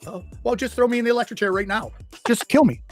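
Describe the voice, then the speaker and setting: A man's voice: extremely high pitch, quick pace, faint music behind, voice pushed up. A man voicing an exasperated defendant facing a murder trial, speaking in a despairing, theatrical way.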